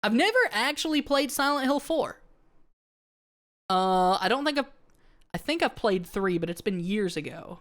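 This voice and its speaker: A woman's voice: sits high, big pitch swings, moderate pace, fairly bright tone. A woman streamer chatting casually to her live audience, rambling with many fillers and restarts and answering viewer comments. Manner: reads viewer comments aloud and answers them.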